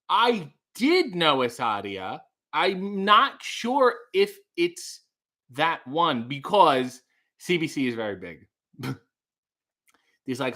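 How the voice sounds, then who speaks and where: A man's voice: a little high, pushed and bright. A man hosting a casual live stream, reading viewer comments aloud and joking with chat. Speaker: livestream host.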